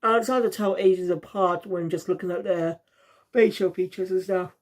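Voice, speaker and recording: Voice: medium pitch, fairly even intonation, normal speed. A reviewer from South Wales, talking in a rambling, casual way and often losing the thread.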